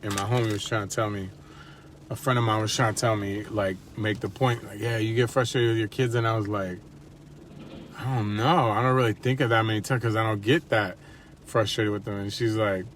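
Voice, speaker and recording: A man's voice: fairly low pitch, fairly even intonation, a little fast. Laid-back slangy man, faint background noise. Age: adult with wife and kids. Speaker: vlogger. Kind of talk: casual motivational talk to camera.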